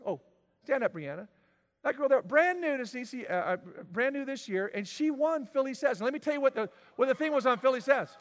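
A man preaching a sermon, swinging from loud, emphatic declarations to quiet, drawn-out lines. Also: very high voice, big-room sound. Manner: dramatic swings from shouting to near-whisper. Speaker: pastor.

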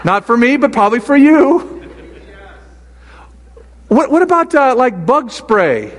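An older man preaching a sermon in a high-pitched voice, full of stories and halting restarts. His voice rings with a long reverb, as if it carries through a church sanctuary. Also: a bit bright. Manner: storytelling, halting with many restarts. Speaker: pastor.

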